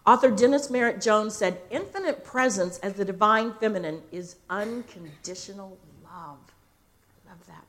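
Older woman minister, unhurried sermon delivery, dramatic pauses, slightly high voice. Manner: slow, expressive storytelling with dramatic pauses.

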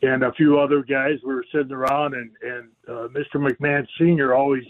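A male guest on a radio show telling a lively story, acting out the voices of the people in it. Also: medium pitch, brisk. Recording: tinny phone line.

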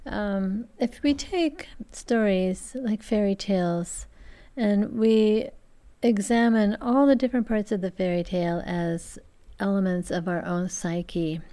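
A woman lecturer with a mellow, mid-range voice reads a fairy tale aloud in a measured, deliberate way, then moves on to interpreting it. Her tone stays steady throughout.

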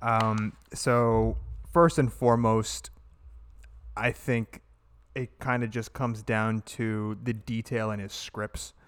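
A man's voice: fairly low pitch, flat delivery, slow, clear, resonant tone. A man co-hosting a casual film podcast, talking in a laid-back, rambling way and often restarting his sentences. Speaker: podcast co-host.

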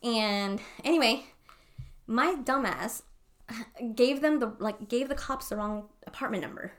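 A woman's voice: fairly high pitch, a little slow, a bit bright. A young woman co-hosting a podcast, telling a story in a rambling, casual way with lots of swearing. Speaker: podcast co-host. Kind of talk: casual chat.

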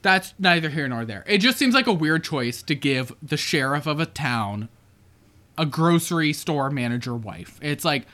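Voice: medium pitch, animated, normal speed, sharp tone. A podcast co-host in casual chat about a movie, rambling with many fillers and swearing freely.

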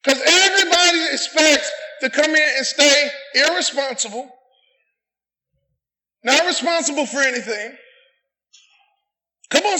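Man, middle-aged, shouting sermon, call-and-response, very bright tense voice. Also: extremely high pitch. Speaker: pastor. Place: church sanctuary. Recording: echoey church room.

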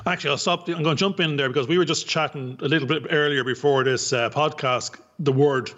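A man with an Irish accent, co-hosting a casual podcast chat, talking with animated emphasis and repeating words for stress. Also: on the high side, fast, lo-fi sound. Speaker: podcast co-host.

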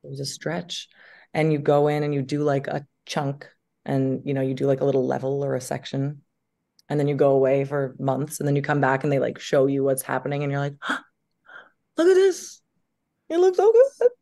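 A woman in her thirties with a deep voice, chatting as an interview guest and telling animated stories in which she acts out quotes. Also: fairly quick, creaky. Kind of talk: casual interview chat.

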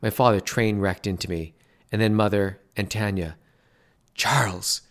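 A man narrating a story in a measured, dry way. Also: lowish voice, steady tone.

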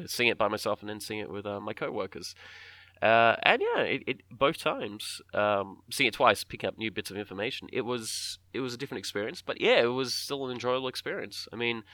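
A man's voice: on the low side, sharp tone, no room sound. A man co-hosting a podcast, rambling in casual chat and restarting his sentences often. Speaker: podcast co-host.

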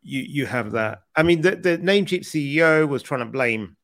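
A man's voice: a little high, lively intonation, moderate pace, fairly bright tone. A British man co-hosting a podcast in easy conversation. He talks loosely, stumbling and repeating words, and laughs often. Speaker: podcast co-host. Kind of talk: casual chat.

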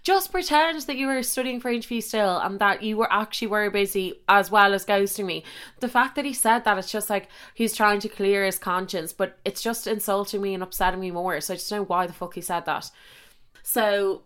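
A woman's voice: mid-range voice, a little fast, fairly bright tone, clean tone. A young woman hosting a podcast, telling a story candidly and emphatically and swearing freely. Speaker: podcast host.

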